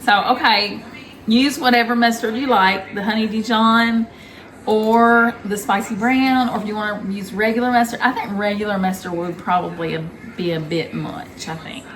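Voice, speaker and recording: A woman's voice: medium pitch, normal speed, fairly bright tone. Chatty woman cooking vlogger. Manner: chatty, addresses viewers directly, enthusiastic about food. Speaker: cooking vlog host. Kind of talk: casual cooking vlog chat. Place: home kitchen.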